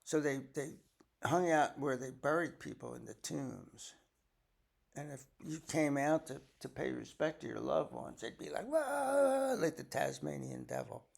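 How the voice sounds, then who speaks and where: A man's voice: medium pitch, normal speed, gravelly. An older man, a grandfather, reading scripture aloud and breaking off for folksy, chatty asides to explain it. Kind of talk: bible reading with casual commentary.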